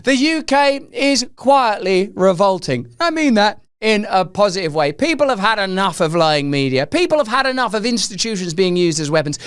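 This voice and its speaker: A man's voice: sits high, very animated, normal speed, hardly any pauses, a bit bright, clear, resonant tone, no echo. Sarcastic male host doing political commentary in a dry, close recording. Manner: sarcastic, mocking, slips into mock voices.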